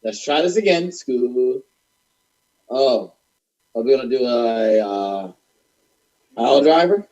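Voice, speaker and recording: A man's voice: medium pitch, animated, slow pace, long pauses, a little mellow, muffled recording. A man co-hosting a podcast in casual chat, blunt and profane as he reacts to wrestling. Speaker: podcast co-host.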